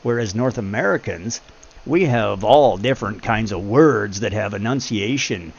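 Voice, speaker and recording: Male streamer, rapid and opinionated, lower voice, muffled stream audio. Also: vocal fry, breathy edge. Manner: fast-talking, blunt and opinionated. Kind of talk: casual chat. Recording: dull lo-fi stream audio, faint noise.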